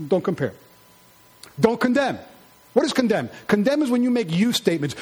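A man preaching a sermon in an animated, conversational way, acting out quarrels in high mocking voices. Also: normal speed, long pauses, breathy edge.

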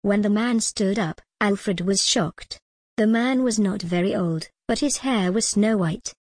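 A woman narrating a simple storybook in a plain, measured way. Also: medium pitch, a little mellow, no echo.

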